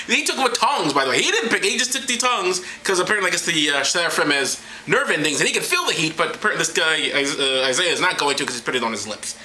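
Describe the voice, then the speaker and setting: A man's voice: on the high side, sing-song, quick pace, bright, forceful tone, slight background noise, poor audio. A man reading scripture aloud as comedy, sarcastic and profane, stumbling and laughing over the text. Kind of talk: irreverent comedic Bible reading.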